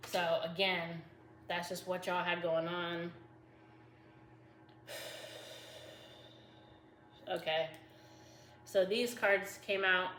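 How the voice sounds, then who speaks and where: A woman's voice: on the low side, fairly bright tone. A woman doing a casual tarot reading, chatty and slangy, talking to her viewers as y'all and laughing easily. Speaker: tarot reader. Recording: echoey room with faint background noise.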